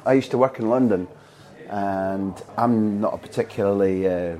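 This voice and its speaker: A man from Scotland hosts a conversational interview in a low, mellow voice. His questions are long and probing, and he draws his guest out patiently. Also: moderate pace. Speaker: podcast interviewer.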